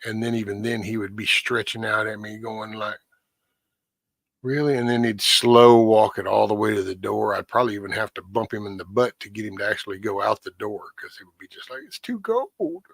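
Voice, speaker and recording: A middle-aged man talks in a relaxed, meandering way to his viewers, full of folksy asides and casual swearing. His voice sits low, and the sound is close and dry with no room around it. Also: a little fast, creaky, few pauses, no echo. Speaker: host of a morning livestream. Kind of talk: casual morning chat with viewers.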